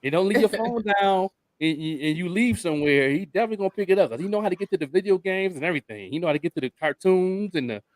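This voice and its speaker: Lively older man telling stories. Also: sits high, fast, hardly any pauses, no echo. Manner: animated storyteller, laughing often. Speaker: radio show host. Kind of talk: casual chat.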